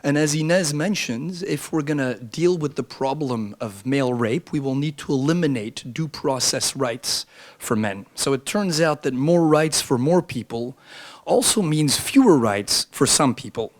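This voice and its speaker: Hoarse male panelist, wry and pointed, lectern speech to a room. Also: on the high side, animated, unhurried. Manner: wry, combative lecturing. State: hoarse, lost his voice. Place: club meeting room, audience present.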